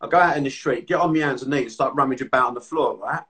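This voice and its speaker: A man hosting a podcast, telling stories quickly and casually with swearing. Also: medium pitch, recorded from a distance. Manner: rapid storytelling, swearing, animated. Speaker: podcast host and therapist.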